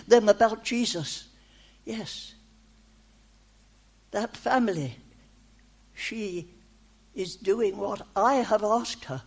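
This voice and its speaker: A woman giving a prophetic message in the first person as God, in slow, deliberate, reassuring short phrases that she often repeats. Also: fairly high pitch, a little mellow, slightly rough. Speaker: speaker delivering a prophetic message.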